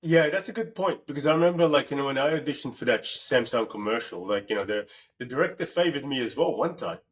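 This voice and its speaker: A male podcast host with a mid-pitched voice. He keeps the chat casual and encouraging, sharing his own experiences and asking follow-up questions. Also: expressive, fast. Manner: encouraging, conversational, asks follow-ups.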